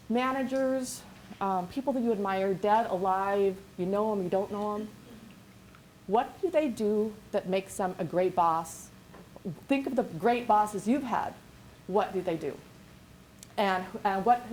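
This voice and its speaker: A woman business coach giving an energetic, rambling workshop lecture with many restarts. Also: on the high side, slight background noise, low-quality recording.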